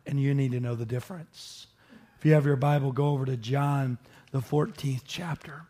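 A man preaching a sermon, teaching with animated emphasis and joking with his listeners. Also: medium pitch, normal speed. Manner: animated, rises sharply for emphasis, jokes with listeners. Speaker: pastor.

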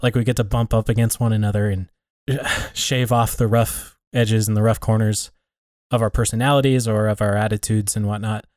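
A man's voice: on the low side, steady tone, moderate pace, darkish tone, dry recording. Thoughtful man talking, dry sound. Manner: thoughtful, hesitant, restarts and rephrases often. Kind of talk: reflective casual conversation.

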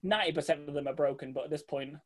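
Man, slightly high voice, casual storytelling, lively, swears a lot, does voices. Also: racing. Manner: animated, swears freely, mimics people he met. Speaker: guest telling a travel story. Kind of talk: casual anecdote.

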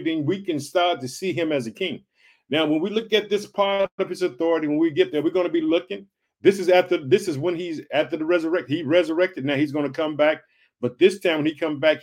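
A man from Illinois preaching an upbeat podcast sermon, exhorting listeners with repeated rhetorical questions. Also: on the high side. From Illinois, USA. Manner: exhorting, repetitive call-and-response phrasing.

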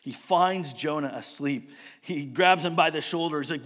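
A man's voice: a little high, moderate pace. Male preacher in a reverberant hall. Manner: storytelling, rhetorical questions, shifts between loud emphasis and quiet asides. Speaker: pastor. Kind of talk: sermon.

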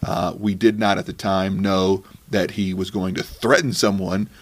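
A man's voice: low-pitched, little pitch movement, normal speed, slight background noise. Sarcastic man hosting a podcast. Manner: sarcastic, mocking. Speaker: podcast host. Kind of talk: comedic podcast commentary.

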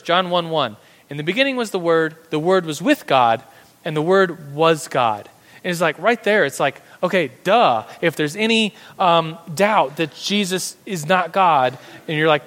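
A man's voice: a little high, fairly bright tone, in a large hall. A man teaching a church Bible class in a loose, conversational way, often restarting sentences and slipping in playful slang.

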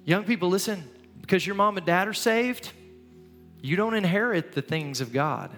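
A man's voice: high voice, expressive, normal speed. A man preaching as a pastor in a church, earnest and urging, often repeating his phrases. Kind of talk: sermon. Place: church sanctuary. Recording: long hall reverb, soft music.

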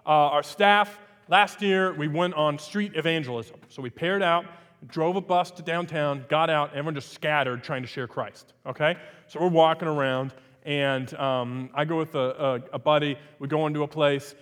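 A male pastor whose voice sits a little high. He delivers a sermon, at times like a chat and at times loud and emphatic. The sound rings through a hall with a long reverb. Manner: conversational storytelling, rising to loud emphatic preaching. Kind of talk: sermon with a personal story.

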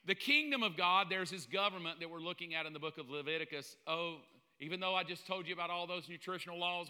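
A man preaching a sermon in an animated, joking way, often mimicking the voices of other people. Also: high-pitched, fast talker, smooth. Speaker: pastor. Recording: long hall reverb.

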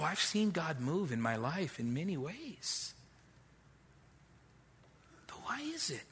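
A man's voice: sits high, bright, forceful tone, breathy edge. A middle-aged man preaching a sermon as pastor, direct and conversational, with street slang.

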